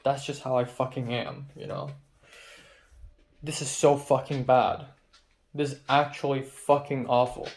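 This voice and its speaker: Young male vlogger, mid-pitched voice, angry and profane confessional rant. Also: little pitch movement, measured pace, pauses often, darkish tone. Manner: agitated, profane ranting. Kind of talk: confessional video diary. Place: his apartment, indoors.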